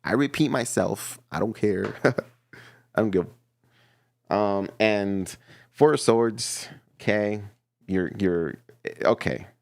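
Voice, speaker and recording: A man giving a casual, playful tarot reading to his viewers, chatty and quick to laugh. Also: fairly low pitch, creaky, dry recording. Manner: chatty and playful, laughs often, repeats himself. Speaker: tarot reader.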